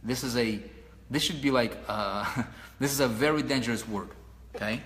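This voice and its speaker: Brief: male marketing mentor, mid-pitched, animated, preachy, keeps asking the audience questions, long room reverb. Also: moderate pace. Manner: animated, repeats himself, asks listeners questions; paces around while talking. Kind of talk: motivational talk to an audience.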